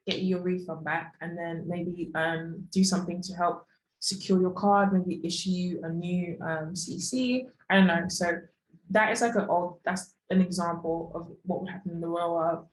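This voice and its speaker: A woman's voice: lowish voice, level tone, fairly quick, echoey room, a little hiss or hum, rough recording. A young woman in her twenties teaching an online course lesson in a chatty, casual way, with lots of fillers and asides. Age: young adult.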